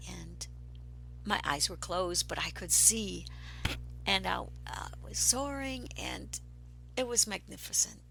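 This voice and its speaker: A woman recounts a personal spiritual experience at an unhurried pace. Her voice is bright and edgy but grainy with fry, and she often drifts into breathy whispers before turning emphatic. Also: mid-range voice, slight background noise, low-quality recording. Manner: grows excited and emphatic. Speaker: spiritual storyteller.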